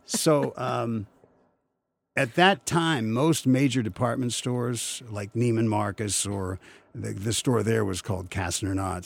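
Older man, gravelly, husky, lowish voice, rambling interview anecdotes. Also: darkish tone. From Western Pennsylvania, USA. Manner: rambling storyteller, chuckling, many restarts. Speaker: voice actor guest.

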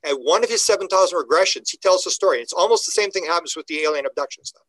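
A man with a bright, forceful voice, a little higher than most, guests on an interview and tells his stories with animated energy. He acts out the people he quotes with big jumps in pitch. The recording is dry and close. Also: racing, no room sound, poor audio. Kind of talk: animated conversational storytelling.

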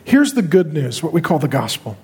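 Husky preacher in a reverberant hall. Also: male voice, on the high side, big pitch swings, darkish tone. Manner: impassioned preaching with dramatic pauses. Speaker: pastor. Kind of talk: sermon.

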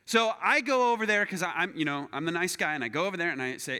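A man preaching as a pastor, telling a personal story with self-deprecating humor and acting it out with lively voices. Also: high-pitched, fast, hardly any pauses, clean tone. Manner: animated, acts out his own story with self-deprecating humor. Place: church sanctuary. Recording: long hall reverb.

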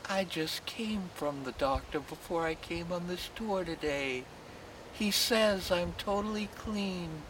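A man voicing a giddy woman tourist in a shrill falsetto, loud music behind him. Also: slow, recorded from a distance, a little hiss or hum, rough recording. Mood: insistent. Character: giddy middle-aged woman tourist, squealing.

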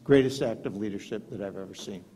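A man's voice: lowish voice, fast talker, very noisy. An older man giving a keynote speech at a gala in a hotel ballroom, telling anecdotes with self-deprecating humor. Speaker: keynote speaker. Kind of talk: after-dinner speech with anecdotes. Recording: echoey hall.

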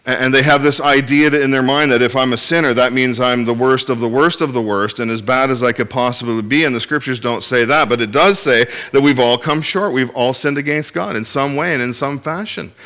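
At a church in Inverness, a pastor with a mid-range, sharp-toned voice preaches a sermon. He speaks earnestly and directly to the congregation, often restarting his phrases.

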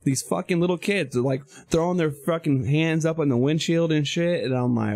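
A podcast host with a slightly high voice talks a little fast with few pauses, telling a road-rage story packed with swearing. In this casual chat he animatedly acts out the quoted back-and-forth in different voices.

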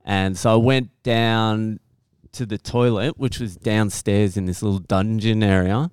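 A man's voice: on the low side, steady tone, a little slow, hardly any pauses, a little mellow, smooth, no room sound, clean studio sound. A young man on a podcast telling a story in casual talk, swearing constantly and laughing now and then.

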